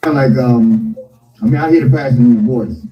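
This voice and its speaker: Brief: hesitant male interviewer, mid-pitched, distant echoey muffled recording. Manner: hesitant, halting, calm. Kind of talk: conversational interview.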